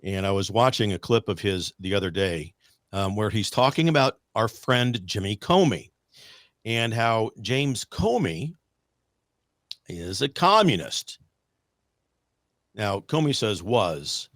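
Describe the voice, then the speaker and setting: A man's voice: fairly low pitch, animated, measured pace, a bit bright, no echo, studio quality. Rambling talk-show host, man. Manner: rambling, with many fillers and restarts. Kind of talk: casual talk-radio monologue.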